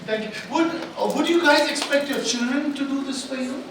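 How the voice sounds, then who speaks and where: A man giving a live stage talk and drawing out the audience, energetic and coaxing, repeating phrases for emphasis. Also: extremely high pitch, normal speed. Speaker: motivational speaker addressing an audience. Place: large conference hall. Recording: echoey hall, distant, background noise.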